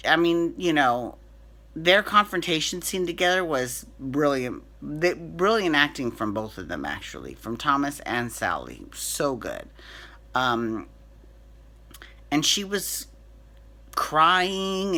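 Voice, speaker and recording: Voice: mid-range voice, animated, slow, sharp tone. A soap opera recap host giving a chatty, opinionated rundown, with frequent restarts and fillers. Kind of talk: casual chat.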